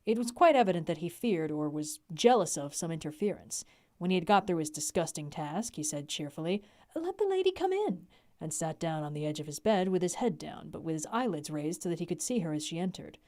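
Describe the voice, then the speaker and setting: A young adult woman reading a classic novel aloud on a livestream, with an expressive delivery. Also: low-pitched, a little fast. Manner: expressive reading, laughs in chat breaks.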